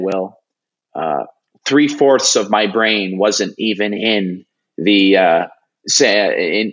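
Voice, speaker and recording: A man's voice: fairly low pitch, lo-fi sound. A young man, a hockey broadcast analyst, telling a story in an interview, earnest, with restarts and fillers, acting out what people said. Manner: animated storytelling, acting out quoted lines.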